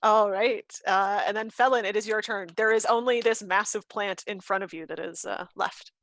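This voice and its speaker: A woman running a tabletop game, narrating combat in an easygoing, loose way. Her voice sits at a middle pitch and is recorded close and dry. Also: fairly even intonation, normal speed, fairly bright tone, dry recording. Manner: easygoing, describes action loosely with fillers. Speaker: game master.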